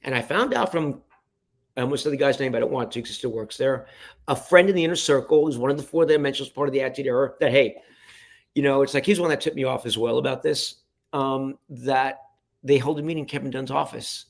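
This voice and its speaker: A middle-aged man telling backstage stories in a casual interview, animated and acting out what others said, swearing when heated. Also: medium pitch, fast, creaky. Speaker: podcast guest.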